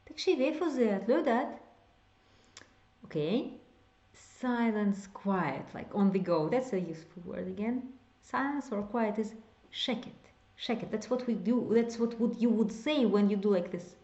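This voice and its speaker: A woman's voice: mid-range voice, warm tone, echoey room, highs cut off. A woman teaching a beginners' language lesson, explaining step by step and repeating example phrases. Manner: explains slowly, repeats example phrases, whispers some words to demonstrate. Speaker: Hebrew teacher.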